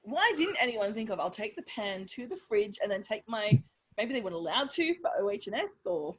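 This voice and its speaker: A woman's voice: on the high side, very animated, brisk, rough recording. A woman with an Australian accent co-hosting a podcast, bantering playfully and giggling in casual chat. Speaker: podcast co-host.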